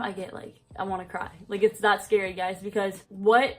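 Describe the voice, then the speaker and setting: A young adult woman telling personal stories in casual vlog chat, rambling, full of "like" and quick laughs. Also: medium pitch, level tone, faint music behind. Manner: rambling, fills speech with "like", laughs often. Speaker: vlogger.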